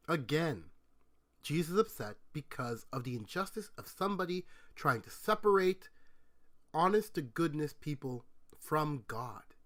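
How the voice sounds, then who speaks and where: A man's voice: on the high side, expressive, measured pace, long pauses, a bit bright. A man teaching a conversational Bible lesson, retelling stories and explaining them step by step with rhetorical questions. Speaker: Bible speaker answering questions.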